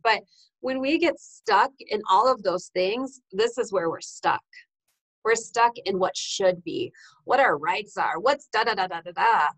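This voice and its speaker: Woman in her 30s from iowa doing an earnest motivational vlog chat, lots of "right?" and "um", average pitch. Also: fairly bright tone, rough recording. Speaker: wellness vlogger. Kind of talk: casual motivational talk.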